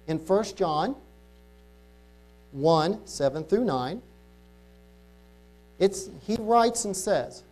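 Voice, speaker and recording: Mellow-voiced man giving a sermon. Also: a little high. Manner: conversational, reads Bible verses slowly and deliberately. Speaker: lay preacher. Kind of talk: informal sermon with scripture reading.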